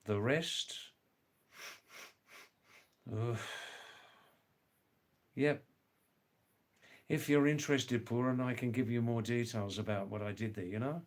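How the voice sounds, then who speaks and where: An older man hosting a casual livestream, reading viewer comments aloud in an unhurried way, repeating words and spelling out names. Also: mid-range voice, steady tone. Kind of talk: casual chat.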